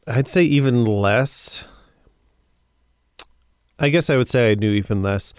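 A man's voice: mid-range voice, measured pace, pauses often, clear, resonant tone, no echo. A man co-hosting a casual film review podcast, talking in a chatty way with frequent stammering restarts. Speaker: podcast co-host.

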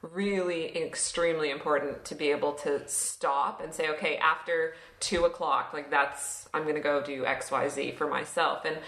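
A woman's voice: low-pitched, steady tone, moderate pace, hardly any pauses, a bit bright. Canadian woman in a roomy podcast chat. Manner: chatty, laughs easily, a bit self-mocking. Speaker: coach, podcast co-host. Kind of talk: casual chat. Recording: roomy echo.

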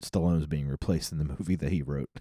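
A man's voice: a bass voice, fairly even intonation, fast talker, mellow, no room sound, studio quality. A middle-aged man co-hosting a podcast in casual chat, rambling and correcting himself, often laughing. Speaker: podcast co-host.

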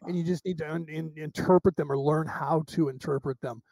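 High-voiced man telling animated stories. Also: a little fast, creaky, no room sound. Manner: animated storyteller acting out quoted dialogue, with restarts. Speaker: psychic medium guest. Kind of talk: casual interview storytelling.

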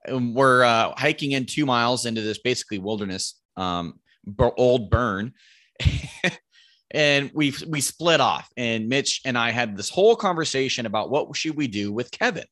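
A man's voice: mid-range voice, lively intonation, moderate pace, a bit bright, no room sound, studio quality. A man, likely in his thirties, casually telling a rambling, profane hunting story and raising his voice to quote his friends.

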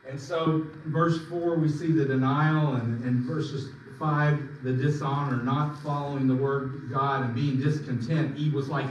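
A man's voice: fairly even intonation, a little slow, slight background noise. Echoey preaching man, far from mic. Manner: emphatic preaching with sudden swings in pitch and volume. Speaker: pastor. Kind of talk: sermon. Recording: echoey room, mic at a distance.

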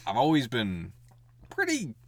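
Lively crude-joking man. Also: mid-range voice, unhurried. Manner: crude joking, frequent laughs and fillers. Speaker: podcast co-host. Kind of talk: casual chat.

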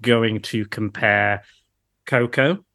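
A man's voice: lowish voice, steady tone, slow, gravelly, pushed and bright, dry recording, clean studio sound. A man, a podcast guest talking in a friendly, slightly hesitant way. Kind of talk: casual chat.

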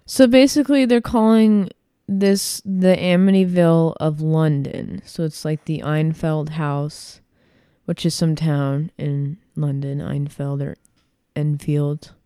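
A woman chatting casually as a podcast co-host, retelling things in an animated way with lots of fillers. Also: deep voice, takes it slowly, clean tone, dry recording, studio quality. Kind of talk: casual chat.

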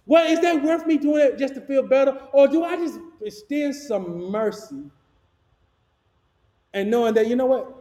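A very high-voiced man preaches as pastor, projecting hard since there is no microphone, and keeps tossing questions for the congregation to finish. His sinuses and ears are stuffed up. The sound is an echoey church hall with a long ringing reverb. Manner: projecting loudly without a microphone, call-and-response questions. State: clogged ears and sinus trouble. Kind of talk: sermon. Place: church sanctuary.

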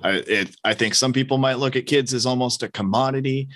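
A man guesting on a casual podcast chat, talking in a halting way and often repeating words as he thinks. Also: mid-range voice, a bit bright, a little hiss or hum.

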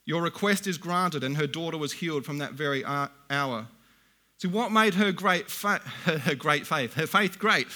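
A middle-aged man preaching a sermon, reading scripture slowly and deliberately, then explaining it in plain, conversational asides. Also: fairly high pitch, bright, forceful tone.

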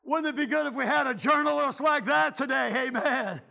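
A middle-aged pastor preaches a revival sermon in a church. His voice sits unusually high, and his delivery is fervent, often rising to a shout. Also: normal speed, vocal fry. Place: church sanctuary.

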